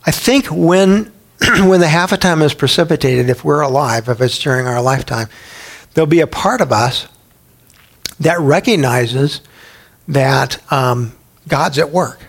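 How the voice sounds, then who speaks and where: A middle-aged man from Texas leads a Bible lesson in an easy, conversational way. His voice sits slightly high and carries a gravelly edge. He keeps turning to his listeners with questions and small stories. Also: measured pace. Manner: chatty, asks the audience questions, tells anecdotes. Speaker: Bible teacher.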